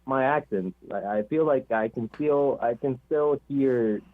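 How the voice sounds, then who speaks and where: A man's voice: mid-range voice, measured pace. Eager young man on a tinny phone line. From Mexico. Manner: eager, laughing, modest. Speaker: caller. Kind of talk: phone call-in chat.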